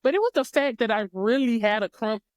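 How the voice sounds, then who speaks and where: A woman's voice: a little high, animated, fast talker, no room sound, lo-fi sound. A woman guest on a podcast, telling stories in a laid-back, joking way. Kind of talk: casual chat.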